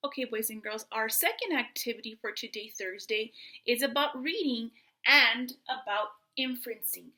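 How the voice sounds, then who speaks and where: Female grade-school teacher, bright and slightly high, patient, enunciating for young children. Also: normal speed, poor audio. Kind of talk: remote classroom lesson.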